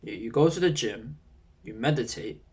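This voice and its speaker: A man's voice: medium pitch, expressive, normal speed, darkish tone, slightly rough. Rambling young guy. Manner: rambling, slangy, swears often. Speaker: YouTuber. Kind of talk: casual self-improvement vlog.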